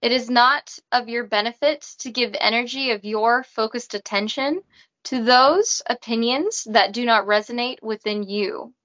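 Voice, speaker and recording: A woman voicing a calm, detached female spirit guide she channels, speaking in a flat, robotic monotone. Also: a little high, measured pace, dull audio. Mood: solemn.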